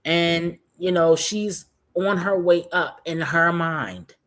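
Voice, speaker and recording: A woman with a somewhat low voice runs a casual commentary, chatting directly with her audience. She keeps calling out to the viewers as she talks things over. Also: slow pace. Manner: chatty, addresses viewers as guys and y'all. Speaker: commentary YouTuber.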